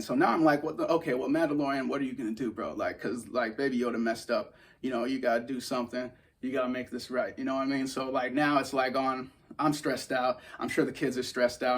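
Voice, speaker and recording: Young male host, mid-pitched, rambling, excitable, laughs a lot. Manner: excitable, rambling, laughs often, acts out scenes. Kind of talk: casual commentary.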